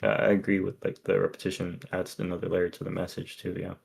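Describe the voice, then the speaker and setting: A man co-hosting a podcast, talking through song lyrics in a halting, filler-heavy way. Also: sits low, little pitch movement, creaky, darkish tone, breathy edge. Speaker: podcast co-host. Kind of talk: casual chat, reading lyrics and chat comments.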